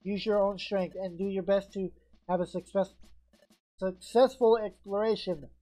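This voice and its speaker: A woman's voice: medium pitch, fairly even intonation, normal speed, dark tone, close to an everyday voice. Mischievous, upbeat guild leader in a game who encourages his pupils; a woman reads him. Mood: encouraging. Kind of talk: reading game dialogue aloud.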